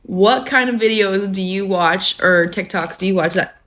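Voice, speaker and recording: A fairly bright, medium-pitched female voice talks at a normal speed. The speaker, a young Californian livestream host who just woke up, chats casually on her phone in a rambling morning stream, full of fillers and open cursing.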